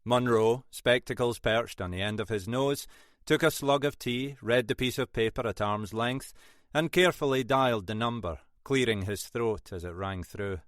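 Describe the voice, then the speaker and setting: A man narrating a crime audiobook in a low, measured, understated manner. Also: fairly bright tone, dry recording, studio quality. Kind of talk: scripted narration.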